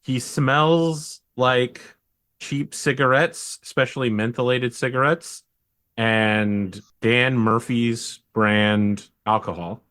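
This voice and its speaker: A man's voice: medium pitch, fairly even intonation, takes it slowly, a bit bright, clean tone. A man narrating as game master, descriptive and joking.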